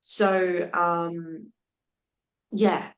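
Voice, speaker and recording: A woman's voice: lowish voice, drawn-out words. A young adult woman, a podcast guest animatedly retelling a personal story, acting out what people said. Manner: animated retelling with laughs and quoted speech. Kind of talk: candid storytelling in conversation. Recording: roomy echo.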